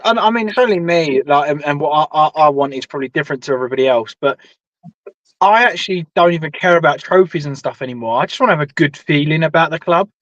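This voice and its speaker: A man's voice: fairly high pitch, fast, a bit bright, no room sound, muffled recording. A man in casual live stream chat, rambling and repeating himself, heard over a call.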